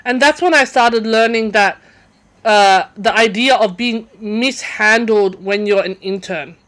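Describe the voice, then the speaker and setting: A woman's voice: fairly high pitch, a little slow, fairly bright tone. A young woman, a podcast guest, telling a story in a casual chat, with lots of fillers and restarts. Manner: chatty, many fillers and restarts.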